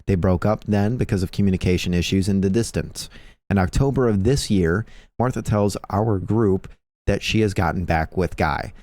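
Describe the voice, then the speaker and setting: A man's voice: low-pitched, moderate pace, dry recording. A young man hosting a live stream, chatting casually and reading forum posts aloud, with plenty of swearing. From Filipino heritage. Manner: animated storyteller, swears a lot, acts out quotes loudly. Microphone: close streaming mic.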